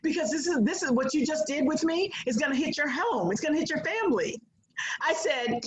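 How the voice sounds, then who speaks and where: A middle-aged woman, a guest on an interview show, telling stories with animated, emphatic delivery. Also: high voice, a little fast, reverberant, a little hiss or hum, low-quality recording. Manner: animated, emphatic, acts out quotes. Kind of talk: interview storytelling.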